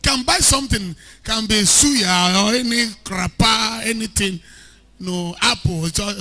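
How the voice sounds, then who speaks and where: Preacher man, high bright voice, kinda husky, lively sermon that climbs into shouting. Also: unhurried, faint music behind. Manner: animated preaching, shouting at peaks, mixing in Pidgin. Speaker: pastor.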